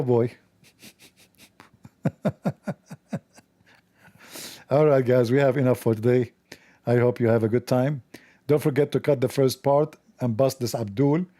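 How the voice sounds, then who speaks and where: A man's voice: mid-range voice, mellow. A man hosting a mocking religious commentary show, sarcastic and scornful, in broken English. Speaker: host.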